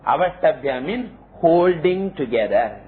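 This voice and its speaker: A man giving a scriptural lecture, explaining slowly and chanting Sanskrit terms. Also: on the high side, big pitch swings. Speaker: teacher of scripture. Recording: tinny phone-like lo-fi audio, faint hiss.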